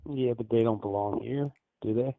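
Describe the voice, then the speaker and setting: A man with a mid-range voice calls in over a tinny, dry phone line. He answers in short, curt, flat replies. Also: mid-range voice, normal speed, vocal fry, dry recording. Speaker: caller.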